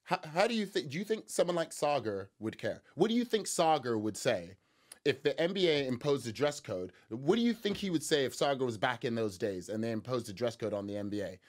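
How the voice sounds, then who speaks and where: A man talks through a news clip in loose, offhand commentary, his voice sitting at an ordinary middle pitch. His tone is sarcastic and mocking. He rambles, stumbling over restarts and repeating words as he goes. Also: very animated, fairly quick. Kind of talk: casual reaction commentary.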